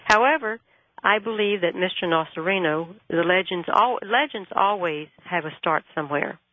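A woman guest calling in to a radio show, telling a story and acting out the dialogue with lively energy. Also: lowish voice, moderate pace, no room sound. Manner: animated, acts out dialogue. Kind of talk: phone-in storytelling. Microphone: telephone. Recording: tinny phone line.

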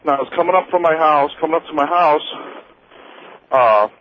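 A man from Missouri calling in to a radio show, telling a personal story in a halting way, with many fillers and restarts. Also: fairly high pitch, slight background noise. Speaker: radio caller. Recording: tinny phone line.

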